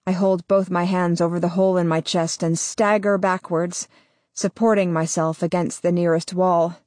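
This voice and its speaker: A woman narrating a novel in the first person, measured and deliberate. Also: lowish voice, little pitch movement, darkish tone, no room sound. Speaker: audiobook narrator.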